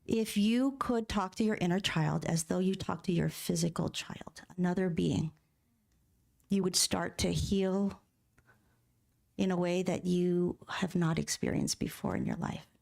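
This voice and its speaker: Her voice is lowish, creaky, and a little mellow, moving a little slowly. A middle-aged guest minister, she gives a conversational sermon in a church sanctuary, asking the congregation questions and performing inner voices in quotes.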